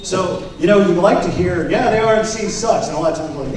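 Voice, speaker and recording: A man's voice: high voice, expressive, fairly quick, a faint crowd, slight background noise. A man running for party office, telling a story to convention delegates in an emphatic, storytelling way. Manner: storytelling, emphatic, quotes others with raised voice. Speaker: political candidate. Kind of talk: campaign speech to delegates. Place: convention hall. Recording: very echoey hall, mic at a distance.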